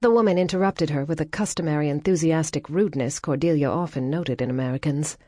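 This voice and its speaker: A woman narrating a novel in a measured, wry storytelling manner. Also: low-pitched, warm tone, no room sound, studio quality. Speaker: audiobook narrator. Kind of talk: scripted narration.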